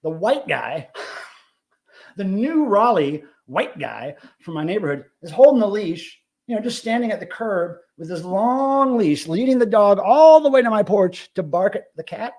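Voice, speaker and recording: A man hosting a live stream, telling a story in a casual, profane, excitable rant. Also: high-pitched, unhurried. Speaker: live show host.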